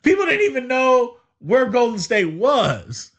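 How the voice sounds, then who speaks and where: A man hosting a casual sports podcast, talking in an animated, exasperated way and laughing often. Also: extremely high pitch, measured pace. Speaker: podcast host.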